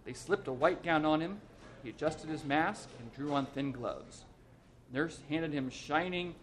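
A man reading a short story aloud as narrator, in an even, measured way. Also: on the high side.

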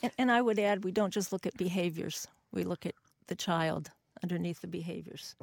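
A woman's voice: lowish voice, a little fast, gravelly, no room sound, studio quality. A woman guest on a radio talk show, an author and educator explaining her views earnestly.

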